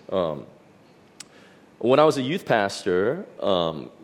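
A middle-aged man preaching, telling a personal story from the pulpit. He talks in an animated, halting way, restarting his sentences and filling gaps with fillers. His pitch sits in the middle for a man. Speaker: pastor. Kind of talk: sermon testimony.

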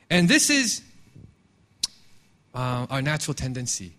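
A man's voice: on the high side, moderate pace. A man preaching a sermon as a pastor, talking candidly and telling stories with restarts. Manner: animated, candid storytelling with frequent restarts.

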